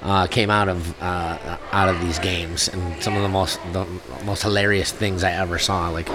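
Casual male storyteller, laughs often, jumps into loud quoted voices. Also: low voice, flat delivery, normal speed, noisy background. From Buffalo area, US.

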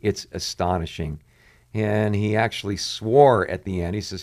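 A man, a pastor and show host, commenting on current events and reading quotes aloud, pausing often with "uh" fillers. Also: on the low side, darkish tone. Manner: frequent "uh" fillers, reads quotes aloud with rising intensity.

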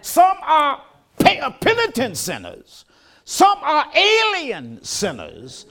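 An older man delivers a church sermon. His voice sits high and moves through a wide, animated range. He builds from folksy talk into strong, emphatic preaching. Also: slow, gravelly.

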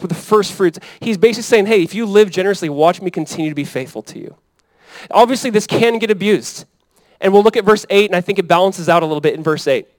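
30s guy preaching, chatty and lively, kinda high voice, dry close sound. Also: no echo, low-quality recording. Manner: conversational, animated preaching with frequent "right?" and "Amen?". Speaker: pastor. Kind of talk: sermon.

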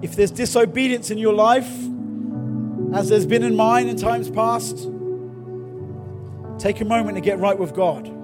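A middle-aged man preaches with a fairly high voice, moving from easy personal stories into fervent exhortation. A faint music bed plays softly beneath his sermon. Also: unhurried, pauses often. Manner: storytelling, then builds to fervent exhortation. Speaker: pastor.

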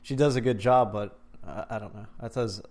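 A man's voice: lowish voice, fairly even intonation, quick pace, darkish tone. Blunt, offhand male podcast co-host. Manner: blunt, dismissive movie opinions with trailing mumbles. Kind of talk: casual chat.

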